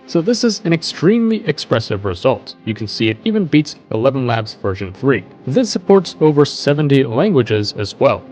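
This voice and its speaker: A man's voice: mid-range voice, big pitch swings, normal speed, few pauses, darkish tone, soft background music, rough recording. A man hosting a tech news show, explaining a web page in a conversational way as he scrolls. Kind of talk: casual screen-share news commentary.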